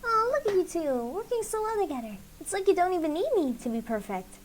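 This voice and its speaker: A woman voicing a bubbly, excitable matchmaking girl in a game, gushing with enthusiasm. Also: extremely high pitch, a little fast, slight background noise, pitched above the performer's own voice. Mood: excited. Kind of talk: game dialogue read aloud.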